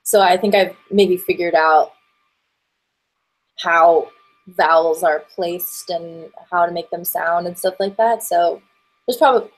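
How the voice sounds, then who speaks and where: A woman in her twenties, an actress and voiceover performer, chatting as a guest in a relaxed, rambling way with plenty of fillers. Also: fairly low pitch, a little slow, rough recording. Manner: rambling, many fillers and restarts, stop-start. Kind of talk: casual interview chat.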